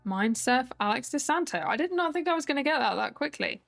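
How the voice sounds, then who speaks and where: A woman's voice: high voice, lively intonation, fairly quick, vocal fry, faint music behind. A woman commentating casually on a detective game, thinking aloud and reacting as she plays. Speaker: let's play streamer.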